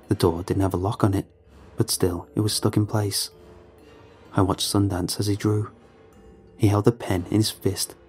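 Man, somber storytelling, low pitch, husky. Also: warm tone. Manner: measured, somber. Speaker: narrator. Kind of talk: scripted horror story narration.

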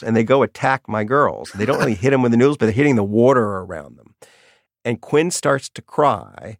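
A middle-aged man telling lively stories about his daughter as a guest in an interview. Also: fairly low pitch, no room sound, studio quality. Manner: animated storyteller, acts out quotes. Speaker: guest, author. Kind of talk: storytelling in an interview.

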